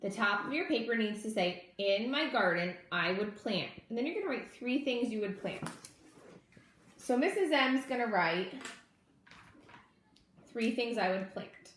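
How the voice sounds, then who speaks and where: A woman's voice: fairly high pitch, animated, measured pace, long pauses, slight background noise. A woman teacher reading a storybook aloud and speaking directly and kindly to young children. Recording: echoey room.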